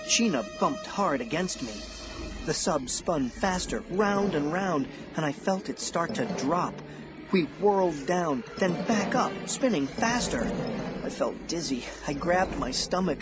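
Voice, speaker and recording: A man giving suspenseful first-person audiobook narration in a slow, expressive delivery, over background music. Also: on the high side. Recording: music bed under narration.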